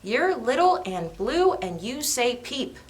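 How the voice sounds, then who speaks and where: A stern, bossy crow scolds the other birds in a high, sharply swinging voice, as a woman puts him on. He talks slowly and firmly, like a strict storybook grown-up. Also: sing-song. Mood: scolding.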